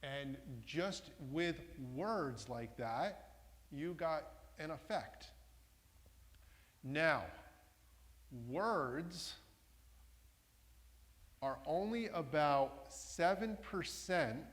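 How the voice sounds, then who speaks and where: A man's voice: on the high side, lively intonation, extremely slow, long pauses, a bit bright. Man presenting in a reverberant hall. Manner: engaging, asks the audience questions. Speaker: workshop presenter. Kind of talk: interactive talk to a live audience. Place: large meeting room with a masked audience.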